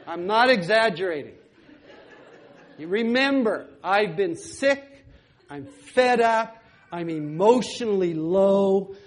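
A man telling a personal story in a sermon, animated and often laughing, and now and then singing a few lines. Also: high-pitched. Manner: animated, laughing storyteller who breaks into song. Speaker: preacher.

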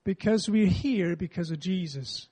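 Male pastor, high and husky, earnest welcome and prayer. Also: measured pace, dark tone.

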